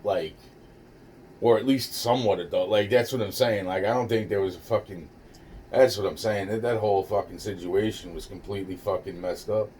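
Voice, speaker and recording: Rambling, profane man with a lowish voice. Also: brisk, a little hiss or hum. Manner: rambling, profane, frequent restarts and stammers; calm, low-key delivery. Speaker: storyteller recounting a personal ordeal. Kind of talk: casual spoken recollection.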